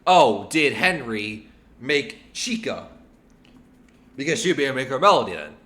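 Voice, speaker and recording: A man hosting a casual video game lore video, animated and full of rhetorical questions and filler ums. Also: medium pitch, measured pace. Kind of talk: casual lore theorizing to camera.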